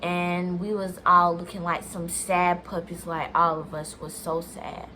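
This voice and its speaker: A woman's voice: lowish voice, little pitch movement, measured pace, pushed and bright, a little hiss or hum. Chatty young woman telling a story. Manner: chatty, talks straight to viewers as "y'all"; rambling, restarts sentences, many "like"s. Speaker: vlogger. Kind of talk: casual storytime.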